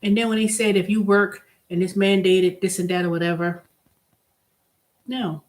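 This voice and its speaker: In her own vlog, a woman delivers a casual solo rant in a mid-range voice at normal speed, with little pitch movement. She talks bluntly and with strong emphasis, going from exasperation to delight.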